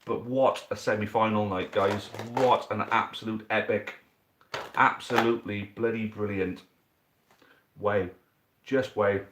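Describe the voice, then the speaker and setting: A young man hosting and commentating a dice football tournament, chatty and excitable, swearing casually. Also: fairly low pitch, a little slow, noisy background. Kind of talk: live commentary and casual chat.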